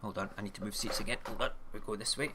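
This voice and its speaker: A man's voice: fairly low pitch, fairly even intonation, racing, background noise. A man hosting an online radio show, rambling casually through news stories and often checking in with "okay?". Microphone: camera mic, recording himself on video.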